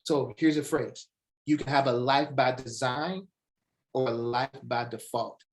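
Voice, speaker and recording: In a mid-range voice, a motivational speaker talks through a webinar with animation and directness toward his listeners. Dramatic pauses and deliberately slowed single words give his points weight.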